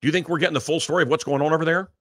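A man hosting a live talk show from a small studio, ranting in an animated, mocking way. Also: on the high side, rapid-fire. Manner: animated, mocking, mimics voices. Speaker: radio host. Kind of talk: ranting monologue.

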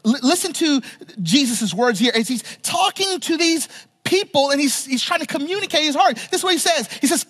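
A male pastor delivering a sermon, often pausing to ask the congregation to finish a phrase, repeating and restarting words, and swinging from emphatic to hushed. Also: very high voice, expressive. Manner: asks the congregation to fill in words, frequent "right?"; stumbles and repeats words while talking freely.

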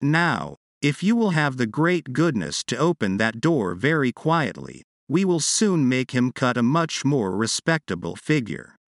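A man playing a calm, precise gentleman detective. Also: mid-range voice, measured pace, hardly any pauses, no echo, studio quality. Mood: wry.

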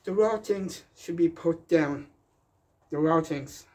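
A man's voice: on the high side, slow, darkish tone. A man giving a rambling, defiant public rant, emphatic and repeating himself.

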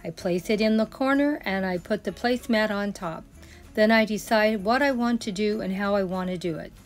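A woman's voice: mid-range voice, moderate pace, soft background music. An older woman chatting in a friendly way as a home decor vlogger. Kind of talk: casual decorating vlog.

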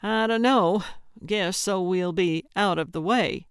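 A woman's voice: on the low side, slow pace, creaky, clean tone, dry recording, clean studio sound. A woman voicing a chipper older woman who plays amateur sleuth, talking in a perky, cheeky way.

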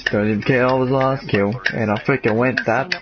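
A young man, commentating his gameplay and swearing, excitable and repeating himself. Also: medium pitch, normal speed, muffled recording, over music. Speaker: gamer.

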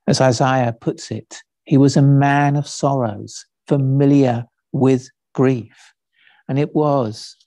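A man preaching a sermon, speaking slowly and deliberately, lifting his voice for quoted lines. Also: medium pitch, dark tone, no room sound. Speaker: pastor. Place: church.

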